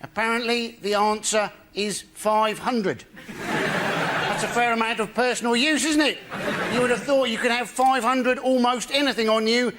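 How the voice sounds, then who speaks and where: A man's voice: extremely high pitch, fairly even intonation, normal speed. A male comedian delivering wry topical jokes in a dry way on a panel show. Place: TV studio with live audience. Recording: noisy studio recording.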